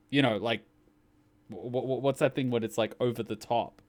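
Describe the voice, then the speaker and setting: A man with an Australian accent, hosting a reaction video in rambling, animated casual commentary. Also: mid-range voice, moderate pace. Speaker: reaction channel host.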